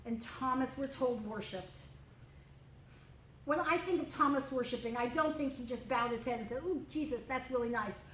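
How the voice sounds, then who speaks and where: A woman with a bright, high voice leads a children's Bible lesson, drawing as she goes. She tells the story expressively and keeps asking the kids questions. Her voice rings a little in a roomy church space over a faint hiss. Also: normal speed. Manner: expressive, addresses children directly. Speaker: children's ministry teacher. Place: church room.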